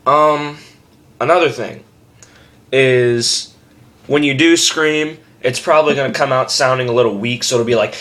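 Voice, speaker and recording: A man's voice: medium pitch, moderate pace. Rambling young man teaching screaming. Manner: rambling, self-deprecating, with loud demo screams. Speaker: screaming vocal tutor. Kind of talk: casual vlog tutorial.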